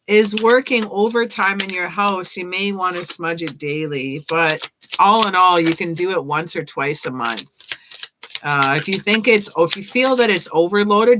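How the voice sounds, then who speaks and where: A woman giving tarot readings on a casual live stream, chatting and reading card meanings aloud as she thinks out loud. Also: fairly low pitch, noisy background. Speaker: tarot reader.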